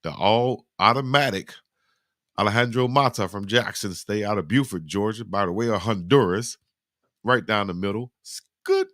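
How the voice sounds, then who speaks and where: A man hosting a live football highlight reaction, giving animated, slangy play-by-play and talking to his chat. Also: no room sound, studio quality. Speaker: sports reaction host.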